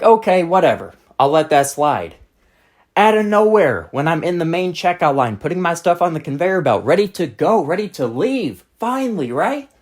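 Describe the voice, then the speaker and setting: Host, storytime rant, exasperated and blunt, pitch swinging widely, mid-height voice. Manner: exasperated, blunt, profane ranting. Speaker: channel host.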